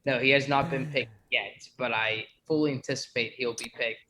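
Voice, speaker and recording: A man chatting casually as a podcast co-host, telling stories with excitement. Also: medium pitch, moderate pace, slight background noise. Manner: storytelling, excitable. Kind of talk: casual chat.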